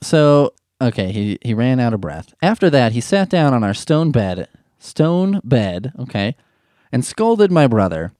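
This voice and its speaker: A man reading a sentimental story aloud and mocking it with sarcastic, deadpan asides. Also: mid-range voice, measured pace, dry recording, studio quality. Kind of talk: mocking commentary over a read-aloud story.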